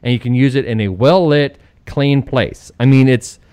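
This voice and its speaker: A middle-aged man hosts an opinionated political talk show at a medium pitch. He retells stories with sarcasm and mocks the people he quotes. His voice sounds dry and close, with no room echo. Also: normal speed, clean tone. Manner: sarcastic, lively storytelling with mocking quoted voices. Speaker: radio talk show host.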